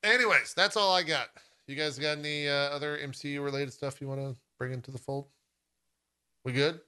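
A man's voice: a little high, steady tone, a little fast, sharp tone, clear, resonant tone. A man hosting a podcast in loose, casual chat, full of fillers. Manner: loose and chatty, many "like" fillers. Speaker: podcast host.

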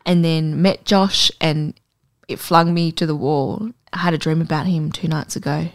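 Woman, young adult, casual chat, swears freely, laughs often, slightly low voice, dry close recording. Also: moderate pace, no echo. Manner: swearing, laughing, lively storytelling.

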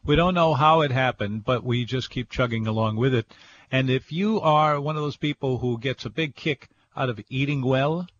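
An older man hosting a food radio show, talking casually and halting often with "uh". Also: mid-range voice, a bit bright. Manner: rambling, halting with many uhs. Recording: dull, lo-fi radio broadcast.

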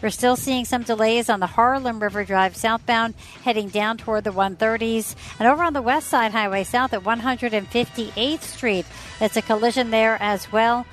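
A woman reading a radio traffic report in a brisk, matter-of-fact way. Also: on the high side, soft background music, rough recording.

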